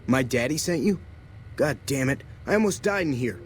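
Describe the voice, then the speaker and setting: A man's voice: medium pitch, lively intonation, normal speed, a little hiss or hum, natural voice. A man playing a brash, folksy rancher's son. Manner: rough rural speech, indignant.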